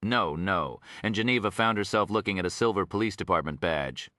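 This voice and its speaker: Low, bright-toned male audiobook narrator. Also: fairly quick, no echo, clean studio sound. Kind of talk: scripted narration.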